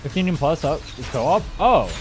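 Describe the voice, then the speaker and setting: A man's voice: a little high, sing-song, a little slow, music in the background. A young man streaming a game, chatting in a rambling, casual way with plenty of swearing, his throat a little strained. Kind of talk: casual gaming stream chat.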